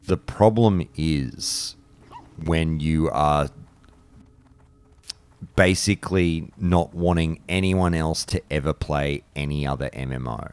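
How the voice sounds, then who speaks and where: A very deep, gravelly male voice, talking bluntly and swearing as he rambles through a casual live-stream chat. He wanders off mid-thought and comes back, plain-spoken and unfiltered. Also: slow pace, a little mellow. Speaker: streamer and podcast host.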